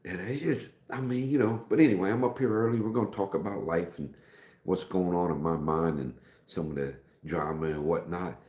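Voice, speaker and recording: A middle-aged man hosting a casual live stream, rambling in a folksy way, greeting viewers by name and speaking softer than usual. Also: low-pitched, a little fast, echoey room.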